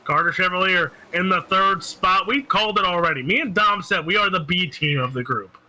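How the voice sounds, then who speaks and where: Brief: male sim racing announcer, high and very bright voice, teasing banter. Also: brisk, poor audio. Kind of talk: play-by-play commentary.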